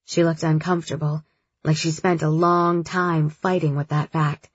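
A woman giving first-person audiobook narration in a measured, steady way. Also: deep voice, breathy edge, highs cut off.

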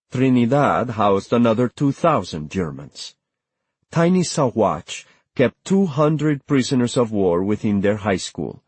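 A man reading an audiobook in measured scripted narration, dropping lower and quieter on somber lines. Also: slightly rough, no room sound.

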